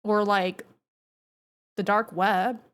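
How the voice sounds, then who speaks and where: Woman streamer, casual game commentary, chatty and rambling, relaxed low voice. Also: drawn-out words, a little hiss or hum. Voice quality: naturally low, relaxed speaking voice. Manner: rambling, filler-heavy, chatty.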